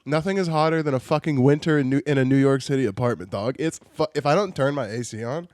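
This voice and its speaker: A young man in his twenties from Arizona, co-hosting a podcast in a crude, animated casual chat and laughing often. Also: medium pitch, fast talker, no room sound. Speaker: podcast co-host.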